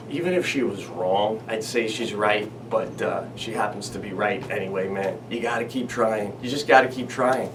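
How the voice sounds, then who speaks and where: A man hosting a comedy show, telling stories with animated, acted-out quotes. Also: on the low side, moderate pace, noisy background. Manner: animated storytelling, acts out quoted voices. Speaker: comedian host. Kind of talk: comedic monologue. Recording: slightly distant mic, faint ambience.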